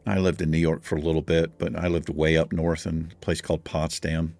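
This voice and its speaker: A man's voice: a bass voice, monotone, brisk, vocal fry, a little mellow, dry recording. A man hosting a gaming video, chatting casually in a rambling, meandering way while he plays. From Virginia. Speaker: gaming channel host. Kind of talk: casual chat while playing a game.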